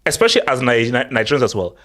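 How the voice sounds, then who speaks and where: A young man co-hosting a casual football chat show, animated and laughing, often repeating himself. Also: medium pitch, racing. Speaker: podcast co-host.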